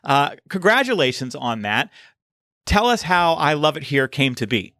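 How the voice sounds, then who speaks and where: A man hosting a podcast in an upbeat, scripted manner. His voice moves lively up and down. The sound is dry and close, with no room around it. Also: on the high side, moderate pace, dry recording. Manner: upbeat, scripted show intro. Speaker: podcast host. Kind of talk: podcast interview.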